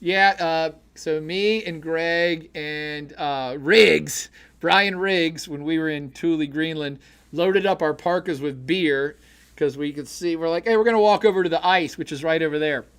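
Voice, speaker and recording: A middle-aged man hosts a casual livestream podcast, reading chat messages aloud. He talks in a jokey, animated way, getting loud and excited one moment and dropping to low mutters the next. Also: a little slow, smooth.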